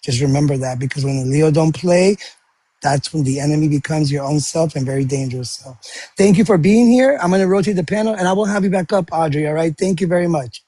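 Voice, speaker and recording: Male panel host, affirming and chatty, slightly high pitch, dry close sound. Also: fast, breathy edge, no room sound. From Florida. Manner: warm, affirming, gives astrology readings. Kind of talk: live audio panel talk.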